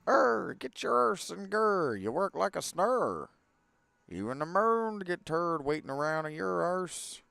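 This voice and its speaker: A man voicing a gruff, cranky old rocket captain who shouts and mumbles his words as if around a cigar. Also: sits high, big pitch swings, a little slow, no room sound, pitched above the performer's own voice, heavily acted. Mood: scolding. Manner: loud, bossy, cursing.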